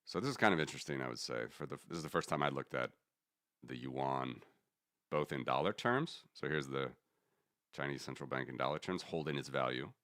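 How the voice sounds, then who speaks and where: A man's voice: a bass voice, fairly quick, fairly bright tone, no echo, studio quality. A man hosting a casual commentary stream, rambling and correcting himself as he talks through charts. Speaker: host.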